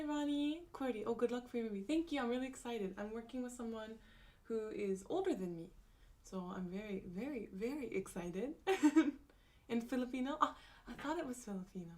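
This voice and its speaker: A woman hosting a casual livestream, reading out and answering her chat in a bubbly way, laughing often and sounding a little sleepy. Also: sits high. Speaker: livestream host. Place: room at home.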